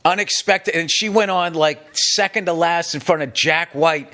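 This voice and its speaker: Man, middle-aged, from the US, podcast host, comic rant, swears a lot, slightly high voice. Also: normal speed, sharp tone. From United States. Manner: profane, rambling, emphatic. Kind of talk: casual comedic monologue.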